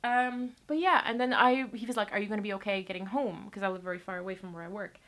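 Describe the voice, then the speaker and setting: A woman's voice: mid-range voice, fairly even intonation, quick pace, a bit bright. A young woman from Latvia telling a personal story to her camera in a rambling, casual way, swearing often. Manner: chatty, rambling, swears casually, many fillers. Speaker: vlogger.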